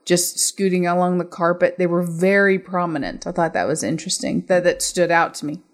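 A woman's voice: on the low side, brisk. A woman with a Mancunian accent chatting casually about a film, wry and teasing. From Manchester area, England. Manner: wry, teasing, laughs often. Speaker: co-host discussing a film. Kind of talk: casual chat.

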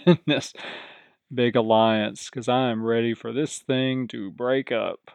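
A man hosting a podcast, casually recapping a reality show and acting out the contestants' lines in animated voices. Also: medium pitch, unhurried, vocal fry, faint music behind. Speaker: podcast host.

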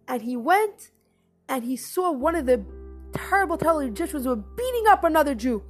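A woman storyteller retelling a religious story in an animated, expressive way, with emphatic repetition. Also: high voice, brisk, soft background music.

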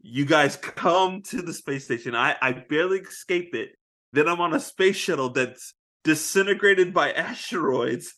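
A man with a fairly high voice in casual movie chat. He talks in an animated way and acts out scenes in big, theatrical voices. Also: normal speed. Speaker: podcast co-host.

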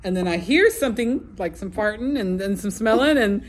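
A woman co-hosting a podcast live at an event, telling a story in a brisk, joking way. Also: mid-range voice, lively intonation, slight background noise. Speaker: podcast co-host. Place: festival event room, live audience.

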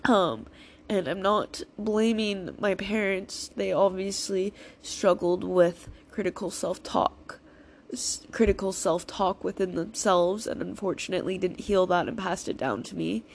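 A woman's voice: medium pitch, steady tone, measured pace, a little hiss or hum. A woman in a raw, emotional personal vlog, talking through tears, reassuring herself and swearing freely. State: crying, emotional. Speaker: vlogger.

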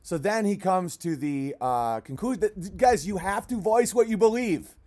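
Male streamer, high voice, profane rambling rant. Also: animated, normal speed. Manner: rambling, profane, cuts off to yell at barking dogs. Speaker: livestream host. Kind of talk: casual livestream rant.

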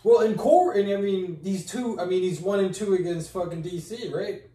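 A man's voice: sits high, normal speed, warm tone. A man co-hosting a casual comedy podcast, bantering, joking and swearing. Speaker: podcast co-host. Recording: echoey room, mic at a distance, faint noise.

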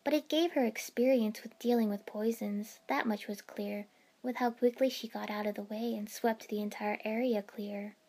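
A woman reading a first-person fan fiction story aloud in a steady storytelling manner. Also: a little high, normal speed. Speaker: narrator.

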